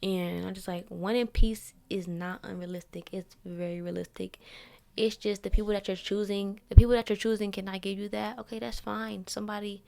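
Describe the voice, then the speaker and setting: Gravelly-voiced young woman venting bluntly. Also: medium pitch, steady tone, brisk, a little mellow. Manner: blunt, profane, preachy advice with slang. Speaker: podcast host. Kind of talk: candid solo venting podcast.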